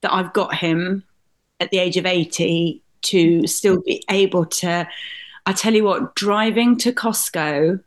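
A middle-aged woman from Britain, a comedian, telling personal stories in an animated, laughing way. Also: fairly low pitch, measured pace. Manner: animated, laughing, swears mildly. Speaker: guest comedian and author. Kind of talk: candid storytelling in conversation.

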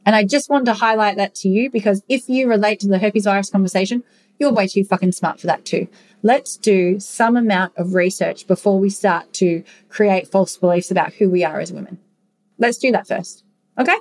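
A woman's voice: medium pitch, moderate pace, darkish tone. A woman hosting a podcast, telling her own story in a frank, casual way, swearing freely and earnestly encouraging her listeners. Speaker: podcast host. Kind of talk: personal storytelling monologue.

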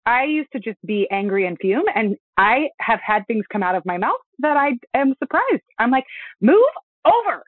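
Woman podcast host, candid and animated, tinny phone-line sound, no room echo. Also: fairly high pitch, normal speed, hardly any pauses. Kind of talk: casual conversational interview.

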